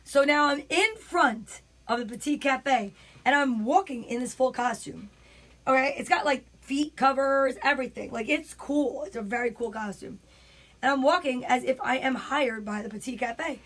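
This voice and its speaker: Animated New woman comic, high voice, casual home storytelling. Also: moderate pace. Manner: animated, chatty, frequent asides. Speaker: comedian.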